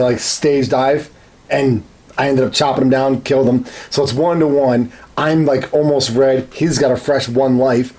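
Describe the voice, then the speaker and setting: A man in casual studio chat, giving a relaxed, profane blow-by-blow of an online match. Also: medium pitch. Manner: blow-by-blow recounting, laid-back and profane. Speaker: podcast co-host.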